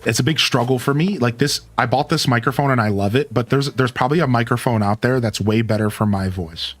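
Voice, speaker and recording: In casual stream chat, a young male live streamer talks a little fast in a mid-range voice that swings up and down. Laid-back but animated, he leans on "like" and "dude." Faint guitar plays behind, captured by an equalized studio mic with a cutoff.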